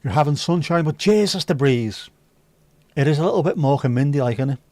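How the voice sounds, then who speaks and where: A man's voice: a little high, expressive, brisk, darkish tone, no echo. A man hosting a livestream, reading viewer comments aloud with sweary, jokey banter. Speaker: livestream host. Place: indoors.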